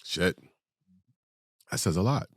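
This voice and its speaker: A man's voice: dry recording, clean studio sound. A man co-hosting a casual chat show, talking in rambling bursts with many restarts. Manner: animated, rambling, halting restarts. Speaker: co-host.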